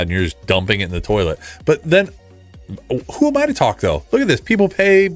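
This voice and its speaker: A man hosting a casual livestream, ranting in an animated way, repeating himself and making sarcastic asides. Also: fairly low pitch. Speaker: livestream host. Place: home streaming setup.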